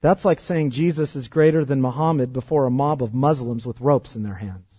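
A male pastor preaching a sermon, animated and shifting from loud emphasis to hushed intensity. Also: medium pitch, fairly quick, breathy edge, no echo, dull audio.

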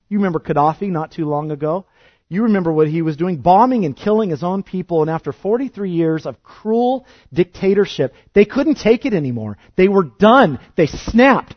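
A man preaching a sermon with passion, firing rhetorical questions and swinging from quiet to loud. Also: on the high side, no echo, highs cut off. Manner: impassioned, rhetorical questions, wide swings of loudness. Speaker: pastor.

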